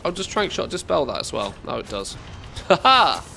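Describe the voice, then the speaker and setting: A man's voice: a little high, very animated, moderate pace, gravelly, a bit bright, soft background music. A man with a nasal voice, congested from a cold, giving casual commentary as he streams a game, rambling with restarts and dry jokes. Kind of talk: casual live-stream commentary while playing.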